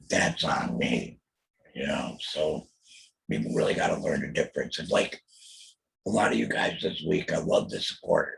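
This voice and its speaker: A man's voice: fairly bright tone, slight background noise, poor audio. A middle-aged man speaking with an alaryngeal voice after a laryngectomy. He hosts a casual podcast monologue, blunt and profane, and keeps asking "you know what I mean.". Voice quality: very low, rough, gravelly voice. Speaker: podcast host.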